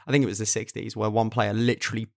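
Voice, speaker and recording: A young man co-hosting a casual football podcast, talking in quick animated bursts and repeating words as he builds a point. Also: fairly low pitch, gravelly. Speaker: podcast co-host.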